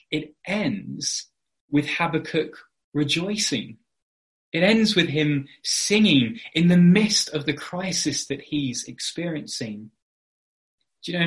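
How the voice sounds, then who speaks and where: A man preaching an evening sermon, earnest and explanatory, with frequent fillers and restarts. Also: on the high side.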